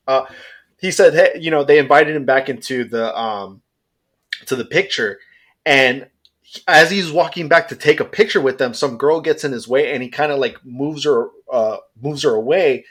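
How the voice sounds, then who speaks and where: A man co-hosting a podcast, telling a story in casual chat and jumping into high voices for the people he quotes. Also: a bit bright. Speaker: podcast co-host.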